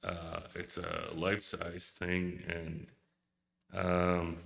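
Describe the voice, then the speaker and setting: A man giving a hesitant, emotional memorial speech, pausing often and searching for words. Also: low-pitched, completely flat delivery, creaky, fairly bright tone. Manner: hesitant, emotional, many pauses and fillers. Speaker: eulogy speaker. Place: memorial service hall. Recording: long hall reverb.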